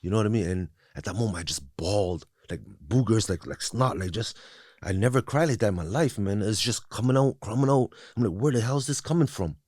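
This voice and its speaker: A man's voice: on the low side, brisk, darkish tone, no room sound, clean studio sound. A man as a podcast guest, talking candidly and reflectively about his past, with frequent restarts and "you know what I mean.". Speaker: guest sharing recovery story. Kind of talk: candid conversational interview.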